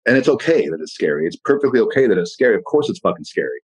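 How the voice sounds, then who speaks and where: A man as a podcast guest in casual motivational talk, blunt and profane, telling animated stories. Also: fairly low pitch, racing, husky, poor audio.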